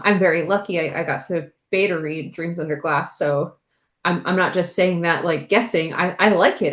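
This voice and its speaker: A woman's voice: fairly low pitch, roomy sound. A woman co-hosting a podcast, speaking in a reassuring, reflective way with frequent fillers. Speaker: podcast co-host. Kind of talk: casual chat.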